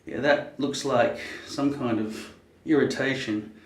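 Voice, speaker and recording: A middle-pitched man in his fifties chats to camera in a loose, wandering way, cursing casually as he thinks aloud. The room around him is echoey. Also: steady tone, measured pace. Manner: rambling, swears casually, muses aloud. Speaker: vlogger. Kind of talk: casual rambling chat to camera.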